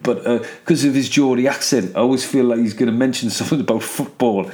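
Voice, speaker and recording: An English man hosts his podcast on his own, swearing freely as he rambles. He is sardonic and sounds unscripted, with a middling pitch. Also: quick pace, hardly any pauses, darkish tone. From England. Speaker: podcast host. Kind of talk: casual solo podcast monologue.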